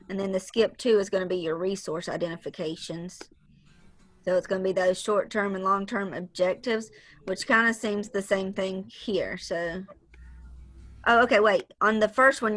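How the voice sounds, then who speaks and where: A woman's voice: on the low side, rough recording. A woman on a video call, explaining a project schedule step by step to her group, with frequent ums. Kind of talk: casual planning call.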